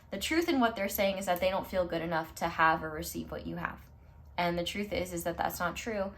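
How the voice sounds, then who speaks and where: A woman's voice: on the low side, fairly bright tone. A woman tarot reader speaking straight to her viewers in a pick-a-card reading, reassuring and affirming.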